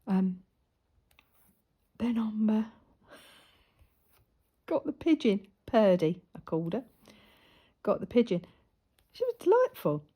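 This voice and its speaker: A woman's voice: medium pitch, very animated, takes it slowly, pauses often, mellow, breathy edge. A woman casually telling a story while she sews, chatty and laughing often. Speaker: crafter and vlogger. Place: at home in front of a camera.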